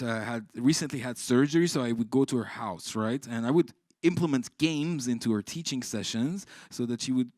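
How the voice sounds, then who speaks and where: Animated stand-up comedian from Iran. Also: male voice, mid-range voice, dry recording. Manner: animated, swearing, exclaiming punchlines. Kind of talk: live stand-up storytelling. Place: live comedy stage.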